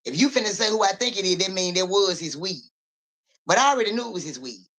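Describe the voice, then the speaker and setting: A young woman acting as a psychic reader on a live stream chats directly with viewers, narrating a story in animated, swear-filled casual speech. She has a mid-range voice and talks fast.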